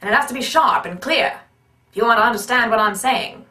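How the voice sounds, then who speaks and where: A woman putting on the voice of a 1930s male radio announcer, sharp, clipped and emphatic. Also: a little high, a little fast, distant mic. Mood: crisp. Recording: roomy echo, speaker off-mic.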